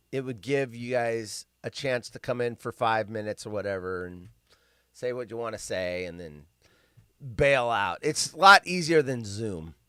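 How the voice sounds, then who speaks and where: A man's voice: lowish voice, bright, forceful tone, clean tone, dry recording, clean studio sound. A man hosting a casual livestream. He rambles and sounds sarcastic and incredulous as he reacts to news stories. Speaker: livestream host.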